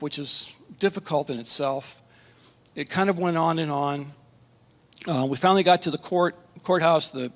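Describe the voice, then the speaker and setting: A middle-aged man, a pastor, telling a personal testimony at a conference, earnest and emotional, with halting restarts. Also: a little high. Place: conference hall. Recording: reverberant conference hall.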